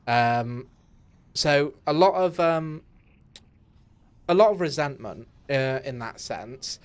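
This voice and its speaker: A man's voice: mid-range voice, a little slow, clear, resonant tone. A young man streaming a game from his home setup, talking in a candid, rambling way with many fillers and restarts. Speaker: gaming streamer. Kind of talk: casual live-stream chat while playing.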